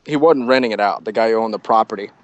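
A man's voice: lowish voice, quick pace. Rambling, swearing man telling stories. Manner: rambling, swears freely, self-mocking. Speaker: podcast guest, artist. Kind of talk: casual storytelling chat.

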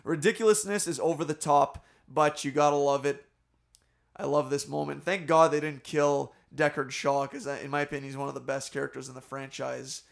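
Gravelly, upbeat man chatting about movies. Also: fairly high pitch, steady tone, brisk. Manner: enthusiastic, laughs often, rambling recaps. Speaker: podcast co-host. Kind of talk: casual movie discussion.

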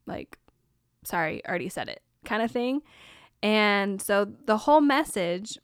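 Young woman host chatting openly, says like a lot, crisp voice, no room echo. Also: medium pitch, normal speed, clean studio sound. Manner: casual, candid, says "like" often. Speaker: podcast host. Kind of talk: personal storytelling.

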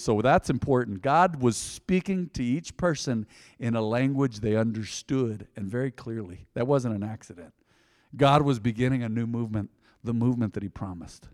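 A man preaching a sermon in a church, conversational and joking, with big swings between quiet asides and loud emphasis. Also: normal speed, no room sound, studio quality, in a large hall. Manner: conversational, joking, dynamic swings in pitch and loudness. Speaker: pastor.

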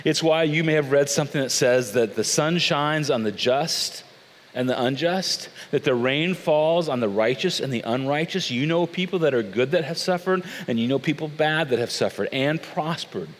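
A man preaching a sermon as a pastor, telling the story in a conversational, animated way with casual asides. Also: on the high side, normal speed. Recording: long reverb of a large hall.

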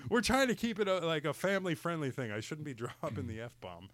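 A middle-aged man in casual podcast chat, spinning an exasperated story with lots of laughs and apologies. His voice sits a little high, swings widely in pitch and has a bright, forceful edge. The sound is dry and close. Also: brisk, no room sound. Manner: animated, exasperated ranting with laughs and profanity.

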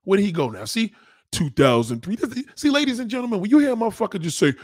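On a live stream, a man reading viewer comments ridicules one in a profane, heated tirade, repeating lines for emphasis. He speaks fast and animatedly, his pitch rising sharply when he's indignant. There's no room sound, just clean studio audio.

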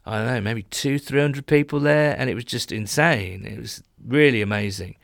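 A man's voice: mid-range voice, normal speed, creaky, a bit bright, no room sound, studio quality. A man co-hosting a casual sports chat podcast, rambling and laughing easily as he tells stories. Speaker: podcast co-host. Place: small home room.

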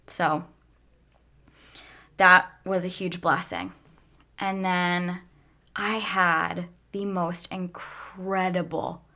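A woman telling a heartfelt personal story in a lively way, sometimes dropping to a soft whisper when she gets emotional. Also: lowish voice. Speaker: speaker sharing a faith testimony.

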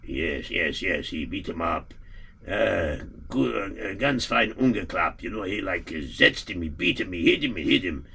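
Man as a grim Yiddish-accented village man, raspy and crackly, halting delivery, amateur radio play. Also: sits low, very animated, bright, forceful tone, heavily acted. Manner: halting, repeats himself. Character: male villager bearing grim news, weary and gloomy.

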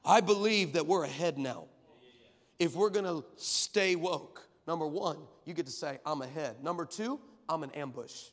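High-voiced man preaching in a reverberant hall. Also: moderate pace. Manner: builds to shouted crescendos, acts out voices in stories. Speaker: guest preacher. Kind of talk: energetic sermon with storytelling.

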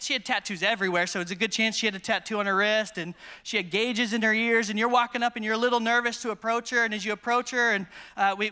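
An American man preaching at a conference, telling testimony stories with self-deprecating humor and quick repetitions. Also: sits high, clear, resonant tone. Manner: storytelling, self-deprecating humor, repeats words when excited. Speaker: conference speaker. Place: large conference hall. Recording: long hall reverb.

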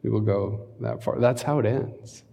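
A man's voice: medium pitch, fairly even intonation, normal speed, creaky, dark tone. A man preaching and reading scripture aloud, breaking in with conversational asides and leading a prayer. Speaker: pastor. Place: church hall. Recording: long hall reverb.

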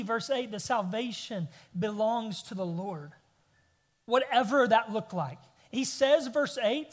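A man in his thirties preaching a sermon, telling a family story with rising bursts of emphasis. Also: very high-pitched. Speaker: pastor. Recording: long hall reverb.

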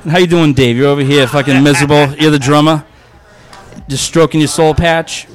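A man's voice: on the high side, steady tone, brisk. Crude joking podcast host, man. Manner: crude, joking, heavy swearing, frequent laughs. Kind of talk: casual chat.

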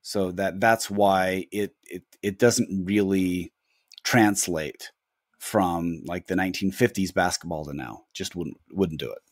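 Low-voiced man musing in halting phrases. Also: steady tone, dry recording, clean studio sound. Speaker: podcast co-host. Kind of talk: casual chat.

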